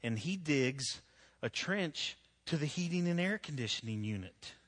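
Conversational pastor preaching in an echoing hall. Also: male voice, fairly high pitch, expressive, measured pace, fairly bright tone. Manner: conversational, self-deprecating storytelling with frequent restarts. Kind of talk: sermon. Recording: long echo of a large hall.

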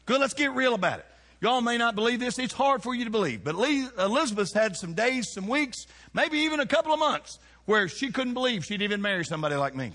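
A middle-aged man preaching a folksy, animated sermon, firing rhetorical questions at his congregation. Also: very high voice, fast. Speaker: pastor. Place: church sanctuary. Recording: long reverb of a church hall.

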